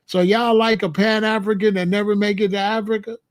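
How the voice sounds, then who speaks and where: A man's voice: high-pitched, level tone, brisk. Profane, combative man ranting on a livestream. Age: adult. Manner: profane, combative, mocking the chat. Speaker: livestream host. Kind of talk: heated livestream rant.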